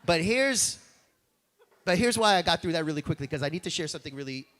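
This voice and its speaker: An animated, jokey rabbi tells a story to families with loose, chatty warmth of manner. His voice sits high for a man. Long reverb from a large sanctuary hangs behind every phrase. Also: quick pace. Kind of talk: playful storytelling sermon for families.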